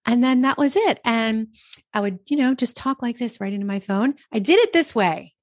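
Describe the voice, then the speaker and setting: Woman from New Jersey, podcast guest; chatty, animated storyteller, dry close mic. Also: on the high side, moderate pace, dry recording. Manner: chatty, animated, lots of quoted self-talk. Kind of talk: casual interview storytelling. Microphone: podcast microphone.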